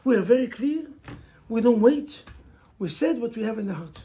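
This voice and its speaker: A man's voice: very high-pitched, animated, normal speed, dark tone. A man with an Israeli accent, a native Hebrew speaker, giving an emphatic motivational sermon as a rabbi and pressing listeners with rhetorical questions.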